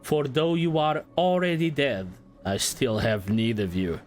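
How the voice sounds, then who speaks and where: A man voicing an ancient imprisoned male god in a slow, solemn, drawn-out delivery. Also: mid-range voice, fairly even intonation, darkish tone, soft background music, natural voice. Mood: ominous.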